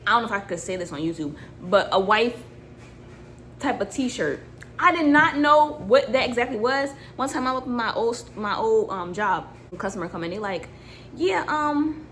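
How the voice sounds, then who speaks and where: A young adult woman vlogger chatting casually as she reacts to a video, telling a story in an animated, slangy way with lots of laughing. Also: a little high, a little hiss or hum.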